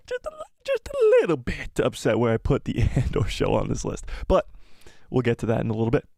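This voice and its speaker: A man's voice: mid-range voice, a little mellow, dry recording, clean studio sound. A man hosting a live fan stream, rambling and enthusiastic as he reads chat comments aloud, and his voice is wearing out. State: losing his voice.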